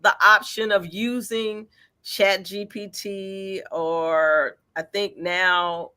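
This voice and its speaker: A woman, a featured artist, answering interview questions in a lively, encouraging way with everyday examples. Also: medium pitch, very slow, smooth.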